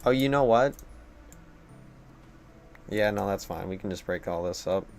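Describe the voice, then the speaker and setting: Young guy streaming a game, lowish voice, rambly and self-deprecating, faint keyboard clicks behind. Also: unhurried, creaky, slight background noise. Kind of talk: casual gameplay live-stream commentary.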